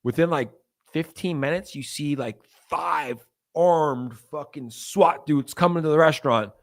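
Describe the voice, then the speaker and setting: A man's voice: on the high side, unhurried. Rambling young man hosting a crypto stream. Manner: rambling, filler-heavy, reads chat aloud. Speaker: crypto livestream host. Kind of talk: casual livestream chat.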